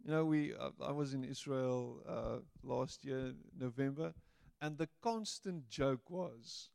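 A man preaching a sermon, playful and animated, slipping into little voices to act out quotes. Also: medium pitch, slow, vocal fry, smooth, no echo, clean studio sound. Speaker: pastor.

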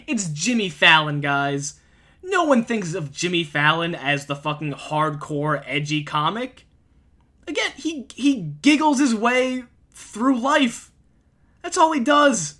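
A man's voice: a little high, pushed and bright. A man giving heated, profane, emphatic commentary as a video host. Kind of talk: ranting commentary.

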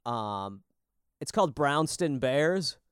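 A man's voice: medium pitch, animated, slow, clean tone, dry recording, studio quality. A man co-hosting a podcast in casual chat, rambling and swearing often as he tells stories. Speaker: podcast co-host. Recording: lo-fi podcast audio.

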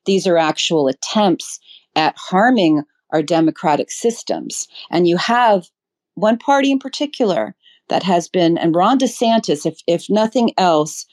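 A woman with a low voice gives a political interview. She talks in an earnest, passionate way, pausing on ums and restarting her sentences as she works out her thoughts. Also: expressive, darkish tone. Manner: thinks aloud with ums and restarts. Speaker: guest.

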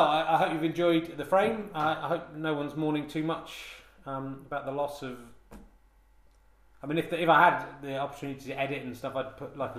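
A man hosting a comedy podcast, rambling through a mock-solemn monologue with many hesitations and restarts, recorded on a handheld recorder. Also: fairly high pitch. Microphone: handheld digital recorder. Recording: roomy, echoey room sound.

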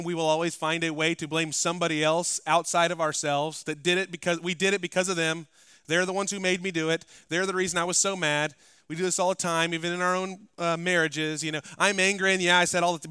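Bright, crisp preaching man. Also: on the high side, no echo, clean studio sound. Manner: rises to loud, emphatic preaching, then drops to quiet asides. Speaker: pastor. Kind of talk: sermon. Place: church.

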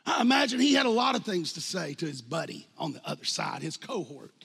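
A man in his fifties preaching a sermon as pastor, animated, jumping from loud outbursts to hushed lines and acting out quotes. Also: fairly high pitch, a little fast, gravelly, breathy edge. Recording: long hall reverb.

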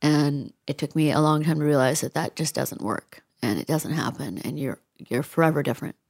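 A woman's voice: sits low, brisk, gravelly, darkish tone. A middle-aged woman speaking as an interview guest, frank and reflective with dry asides. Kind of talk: candid interview conversation.

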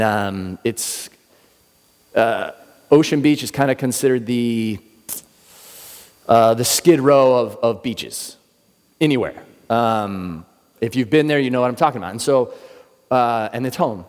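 Man preaching in a reverberant hall. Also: mid-range voice. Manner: animated storyteller acting out quoted voices. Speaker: pastor. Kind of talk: sermon storytelling.

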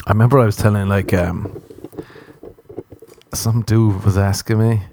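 A man's voice: fairly low pitch, fairly even intonation, measured pace, background noise. A young Irish man hosting a solo comic podcast, rambling and swearing freely and laughing at his own jokes. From Ireland. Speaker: podcast host.

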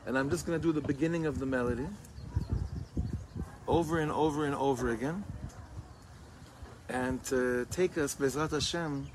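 Gentle rabbi guiding a meditation outdoors. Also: male voice, mid-range voice, background noise. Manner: gentle, halting, searching for words. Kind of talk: guided meditation with chanted melody. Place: outdoors among greenery with birds. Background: birdsong and music.

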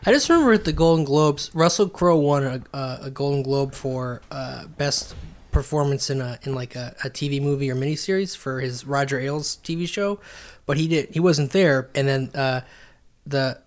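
A man's voice: mid-range voice, normal speed. A man co-hosting a comedic podcast, telling jokey stories in casual banter. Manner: joking, storytelling with put-on quotes. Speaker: podcast co-host.

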